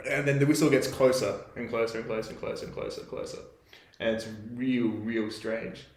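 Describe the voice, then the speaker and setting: A young man with an Australian accent tells a story in a loose, rambling way, leaning on "like" and "you know". His voice sits at an ordinary middle pitch. The recording has a noticeable roomy echo. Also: steady tone, fairly quick. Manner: rambling, laid-back, heavy on fillers like "like". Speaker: podcast co-host. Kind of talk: casual storytelling.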